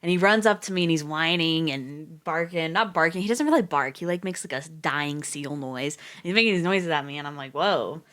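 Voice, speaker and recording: A woman's voice: low-pitched, brisk, hardly any pauses, a bit bright. A woman streamer chatting casually on a reading livestream, rambling and chatty, laughing often and swearing freely.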